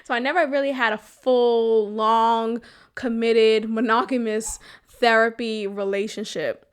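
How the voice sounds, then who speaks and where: A woman hosts her own podcast and tells personal stories in a candid, animated chat. Her voice sits a little high, and she laughs often and swears freely. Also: a little slow, clear, resonant tone. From Boston area, US. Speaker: podcast host.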